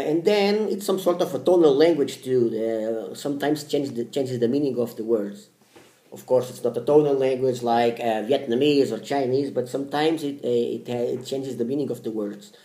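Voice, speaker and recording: A man's voice: medium pitch, dark tone, echoey room. Hesitant man. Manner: hesitant, repeats phrases and restarts often. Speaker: language-learning vlogger. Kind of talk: casual talk to camera.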